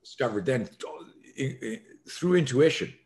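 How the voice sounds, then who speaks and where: A man's voice: medium pitch, lively intonation, unhurried, darkish tone. A man, a self-defense expert, telling a story as a podcast guest and acting out the scenes with animation.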